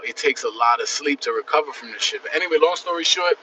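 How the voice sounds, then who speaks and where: A man's voice: on the high side, animated, fast, recorded from a distance, noisy background. Slangy New guy on a phone livestream. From the Bronx, New York. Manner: rambling, slangy, laid-back. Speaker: livestream host. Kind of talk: casual livestream chat. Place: out and about in the city. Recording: dull phone audio from off-mic.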